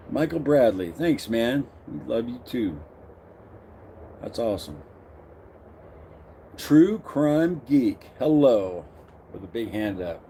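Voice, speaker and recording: A man's voice: mid-range voice, very animated, takes it slowly, long pauses, dark tone, slight background noise. A middle-aged man hosting a casual live stream, greeting viewers by name and reading their comments aloud.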